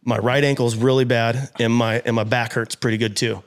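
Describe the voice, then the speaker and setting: A man's voice: medium pitch, flat delivery, brisk. Man telling a wild story, swearing. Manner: acts out his own past lines, swears freely. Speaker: podcast guest. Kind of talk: animated storytelling. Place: podcast studio.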